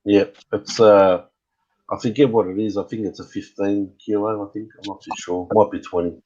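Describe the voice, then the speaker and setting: A man's voice: on the low side, steady tone, moderate pace, mellow, muffled recording, slight background noise. A middle-aged man chatting casually as a guest on a live stream, rambling and hesitant with many fillers. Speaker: guest RC hobbyist.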